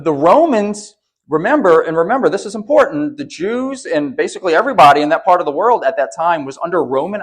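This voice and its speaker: Animated conversational male preacher. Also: high voice. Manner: conversational, repeats words when restarting, builds to emphatic peaks. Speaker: pastor. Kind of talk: sermon.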